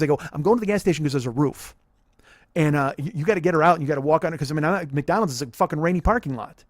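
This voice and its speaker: A man in his forties telling a profane, animated comic story on a podcast. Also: a little high, very fast, no room sound, studio quality. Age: 40s.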